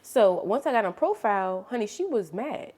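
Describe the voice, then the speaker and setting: Animated young woman telling a story. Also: mid-range voice, normal speed. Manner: animated, expressive storytelling with sharp swings in loudness; chatty, addresses listener as honey and girl. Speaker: vlogger. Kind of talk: casual storytime chat.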